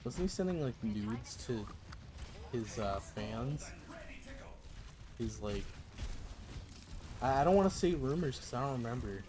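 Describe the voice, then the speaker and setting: A man in his thirties gives loose, profane commentary while he plays a video game live. He jokes freely and repeats words for fun. His pitch sits in the middle of the male range, with a faint noise in the background. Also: lively intonation, measured pace, long pauses. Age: 30s. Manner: joking, profane, playfully repetitive. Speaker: streamer. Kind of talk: casual gaming stream commentary.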